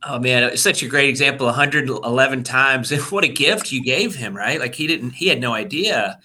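A man co-hosting a podcast, chatting casually with quick enthusiasm and lots of fillers in a husky voice. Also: mid-range voice, pushed and bright. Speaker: podcast co-host.

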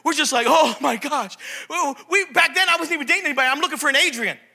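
A man preaching a humorous sermon to a congregation, animated and jokey, often quizzing the crowd. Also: very high-pitched, racing, noisy background. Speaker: pastor.

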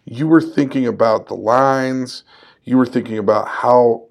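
This podcast host, a man in his forties working solo, keeps an upbeat, encouraging, conversational tone and occasionally laughs at himself. He speaks at a measured pace in a creaky, mid-range voice.

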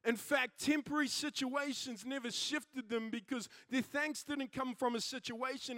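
High-voiced animated preacher. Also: male voice, dry recording, studio quality. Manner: animated storytelling, acting out quoted characters. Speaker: pastor. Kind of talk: sermon.

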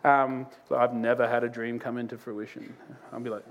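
A man preaching a sermon in a church, a lively storyteller who laughs through his anecdotes. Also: medium pitch, fairly quick, vocal fry, noisy background. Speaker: pastor. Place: church auditorium.

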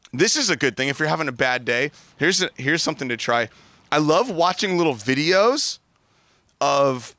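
A man in his thirties, a pastor preaching outdoors by the water, telling lively family stories and doing playful voices for his kids. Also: fairly high pitch, no echo. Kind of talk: sermon. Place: outdoors by a large body of water.

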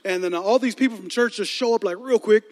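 A man's voice: high voice, fast talker. A man, a youth pastor, telling a story with lots of humor and energy during a sermon in a church. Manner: animated, lively storytelling with laughs. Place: large church auditorium. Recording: long reverb of a large hall.

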